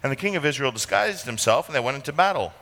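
Brief: male pastor, bright and forceful tone, conversational sermon full of rhetorical questions, long reverb in the church. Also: medium pitch, animated, fast. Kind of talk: expository sermon.

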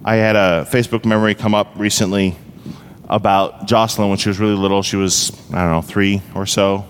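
A man preaching a sermon as a pastor and praying aloud for his congregation, earnest and heartfelt, moving between brisk explanation and slow, weighty emphasis. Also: lowish voice, fairly even intonation, in a large hall, a little hiss or hum. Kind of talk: sermon with spoken prayer. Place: church sanctuary.

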